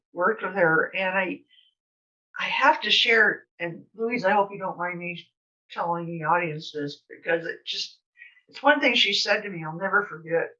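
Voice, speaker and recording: A woman's voice: mid-range voice, pushed and bright. An older woman telling stories in a chatty, rambling way, full of fillers, as a guest speaker. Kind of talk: casual storytelling. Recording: slightly distant, dull sound.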